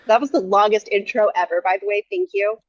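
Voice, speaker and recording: Female stream co-host, mid pitch, playful and teasing, on a dry, muffled mic. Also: steady tone, fairly quick, no room sound. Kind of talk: casual stream chat.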